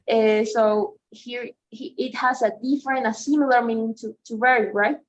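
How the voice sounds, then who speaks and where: Slow-talking lady tutor, keeps asking "right?", kinda muffled call audio. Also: fairly high pitch. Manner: patient, explaining slowly with frequent "right?" and "okay?" checks. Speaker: English tutor. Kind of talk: online one-to-one lesson.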